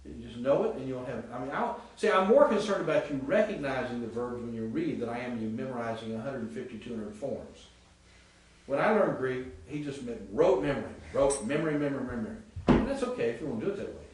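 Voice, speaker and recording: A man's voice: medium pitch, expressive, fairly quick. Chatty male professor in echoey classroom. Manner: chatty, asks the class questions, sounds out Greek words. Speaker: Greek professor. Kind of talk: classroom lecture. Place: seminary classroom. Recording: echoey classroom, mic far off, faint hiss.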